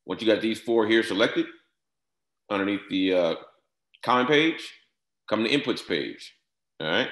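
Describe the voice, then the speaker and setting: A man with a very low, deep voice talks through a screen-share tutorial one step at a time, spelling out entries and repeating short cues. The sound bounces around a bare, echoey room. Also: a little slow, pauses often, a bit bright. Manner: step-by-step instructions, repeats "all right" and "no space, comma". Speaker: software trainer.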